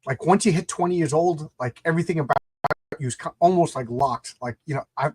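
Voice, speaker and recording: A man's voice: on the high side, fairly quick, noisy background. A man hosting a casual interview podcast, talking with enthusiasm and often repeating words as he starts sentences. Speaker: podcast host.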